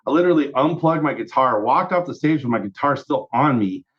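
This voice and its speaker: A man, a guest musician, telling a story on a casual podcast in an animated way, acting out quotes and swearing freely. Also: medium pitch, a little fast, highs cut off.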